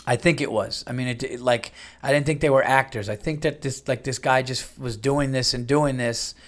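A man's voice: mid-range voice, normal speed. Man retelling a story casually. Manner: animated retelling with many fillers and restarts. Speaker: podcast host.

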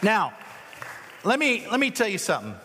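A man's voice: sits high, huge pitch swings, normal speed, sharp tone, a faint crowd, a little hiss or hum. A man preaching in a large hall, his voice trailing off into a long reverb. He talks in a casual, joking way and makes fun of himself while bringing volunteers up front. His voice is a little cracked. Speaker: pastor. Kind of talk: sermon with a live object lesson.

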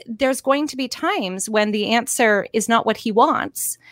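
A woman with a slightly high voice talks in a casual conversation, wry and measured. The sound is dry and close, with no room around it. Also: animated, a bit bright, no room sound.

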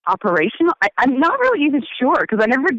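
A woman's voice: high voice, huge pitch swings, very fast, no echo, dull audio. A woman musician chatting as an interview guest, meandering and hesitant, often trailing off mid-thought. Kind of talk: casual interview chat.

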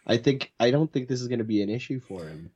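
Podcast guy, husky voice, bouncy pitch, skeptical and laughing, dull lo-fi mic. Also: expressive, darkish tone. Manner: skeptical, quick to laugh and question. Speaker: podcast co-host. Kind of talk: casual chat.

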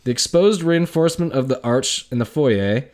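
A man's voice: medium pitch, animated, moderate pace, darkish tone. A man co-hosting a casual podcast, reading history notes aloud with dry sarcastic asides. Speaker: podcast co-host. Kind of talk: casual conversational storytelling.

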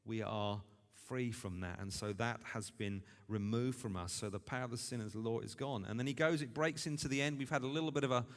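Preacher in a reverberant hall. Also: male voice, mid-range voice, brisk, few pauses. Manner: earnest, grows animated and emphatic. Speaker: pastor. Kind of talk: sermon.

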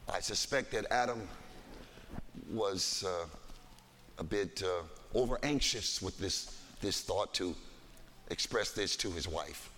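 A man's voice: low-pitched, lively intonation, takes it slowly, long pauses, fairly bright tone, a little hiss or hum. A man preaching a sermon, reading scripture aloud with dramatic emphasis in a church sanctuary. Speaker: pastor. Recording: long hall reverb.

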